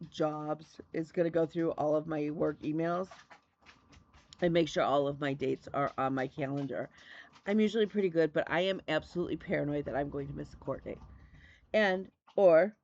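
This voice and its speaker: A woman's voice: sits low, darkish tone, lo-fi sound. A middle-aged woman from Michigan chatting casually as the host of a stitching video, effusive and repetitive in her enthusiasm. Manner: chatty, effusive, repeats "love me a". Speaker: flosstube host. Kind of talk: casual chat.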